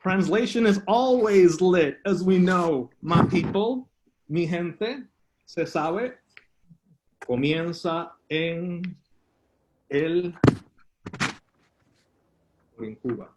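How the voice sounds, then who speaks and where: A man reading a poem he is improvising, switching languages line by line to translate himself, in halting, drawn-out phrases. He walks around his house and speaks into a phone. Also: high voice, noisy background. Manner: switches back and forth between two languages line by line, self-translating. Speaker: poet. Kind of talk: improvised bilingual poetry reading. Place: at home, walking around the house.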